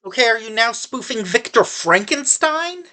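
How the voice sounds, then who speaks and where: A woman reviews a movie in a casual, rambling way, often restarting her sentences. Her tone is sarcastic and exasperated, and her voice sits a little high. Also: animated, normal speed, bright, forceful tone.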